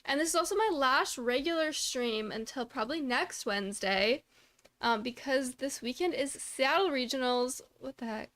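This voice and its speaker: A young woman with a high, light voice chats casually on a live stream. She greets viewers by name in a bubbly, upbeat way and often drops into soft, mumbled asides. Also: lively intonation, normal speed.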